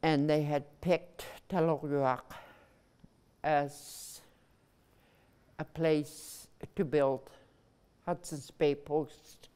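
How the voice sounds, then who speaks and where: Older woman, low voice, unhurried, smooth clear tone, pausing recollection. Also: fairly even intonation, warm tone. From Nunavut, Canada. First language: Inuktitut. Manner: measured, pausing between phrases. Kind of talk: personal recollection.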